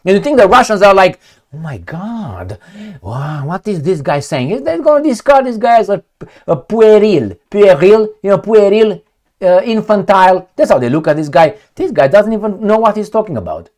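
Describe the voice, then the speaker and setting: A man ranting angrily about the news, sarcastic and swearing, reading headlines aloud and picking them apart. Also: a little fast. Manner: angry, sarcastic, swearing, lively swings in pitch. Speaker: political commentator.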